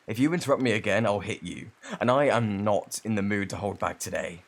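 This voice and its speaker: A man's voice: on the low side, brisk. A young man with a British accent voicing a rude, defensive male student bully in an ASMR role-play, curt and hostile, later shaky and vulnerable.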